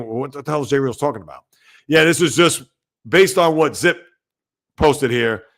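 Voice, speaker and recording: Gravelly guy doing a sports livestream from home, loud and emphatic, rambles and talks back to chat. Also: medium pitch. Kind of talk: casual sports talk livestream, reading viewer comments.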